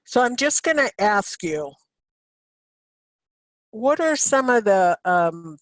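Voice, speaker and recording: A woman's voice: medium pitch, sing-song, slow pace, no room sound. Woman presenting a webinar lecture. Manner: conversational with asides to the audience.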